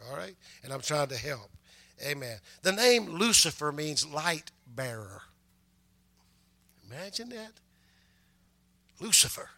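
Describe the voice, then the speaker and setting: An older man preaching a sermon, conversational and punctuated with amens, building to loud, emphatic passages. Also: a little high. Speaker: pastor.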